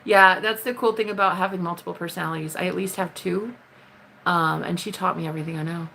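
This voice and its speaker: Woman livestreamer, low gravelly voice, blunt, swears freely, jumps up high to greet viewers. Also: steady tone, quick pace, sharp tone, a little hiss or hum. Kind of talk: casual live-stream chat with viewers.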